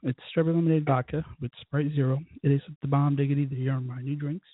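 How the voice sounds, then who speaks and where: A man hosts his own talk show, drinking as he rambles through a crude, profanity-laced story. His voice is husky, and the recording is dry and narrow, like a phone line. He sounds loose and a little wasted. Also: mid-range voice, little pitch movement, fast, no room sound. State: tipsy from drinking. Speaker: podcast host. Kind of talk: casual rambling monologue.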